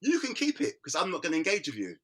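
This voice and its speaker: A man's voice: sits high, wildly swooping pitch, quick pace, fairly bright tone. A man, an artist, talking candidly as an interview guest, emphatic, repeating words and restarting his sentences.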